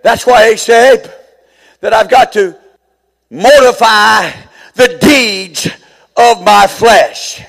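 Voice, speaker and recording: A middle-aged male pastor preaching a sermon, swinging from hushed asides to fervent shouting. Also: high voice, takes it slowly, creaky, pauses often, big-room sound.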